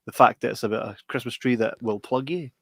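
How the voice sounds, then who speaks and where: A Scottish man co-hosting a casual podcast, his voice at a middle pitch. He tells animated, sweary stories and laughs often. The sound is dry and close to the mic. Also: fast talker, slightly rough, no room sound. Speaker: podcast co-host. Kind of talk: casual chat.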